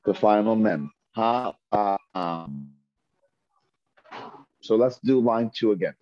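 Low-voiced man teaching a reading class. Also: animated. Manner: patient, repeats words slowly, asks the class questions. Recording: dull lo-fi dry recording.

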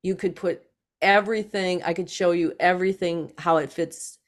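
A woman guest on a podcast interview, telling stories in an animated way and acting out other people's lines. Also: on the low side, normal speed. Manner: animated, acts out others in lively quotes.

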